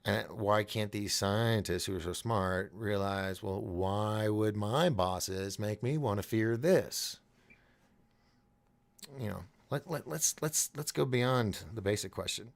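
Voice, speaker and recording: A man with a fairly low, gravelly voice hosts a relaxed live stream, reading chat comments aloud. He rambles, restarts his sentences and thinks out loud as he goes. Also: slow.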